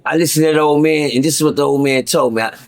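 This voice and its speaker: Middle-aged man, higher pitch, casual storyteller, profane, stammering repeats. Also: quick pace. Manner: profane, repetitive, stammering restarts. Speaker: guest storyteller.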